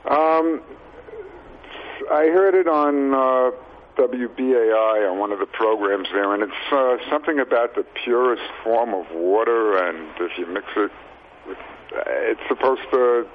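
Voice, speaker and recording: A man's voice: medium pitch, unhurried. A man calling in to a radio show, speaking hesitantly and searching for his words. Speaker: caller. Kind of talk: phone call-in question. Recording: tinny phone line with faint hiss.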